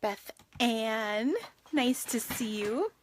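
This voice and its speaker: A woman's voice: a little high, very slow, slight background noise. A woman hosting a casual craft livestream from her home craft room, chatting with sing-song greetings and lots of fillers.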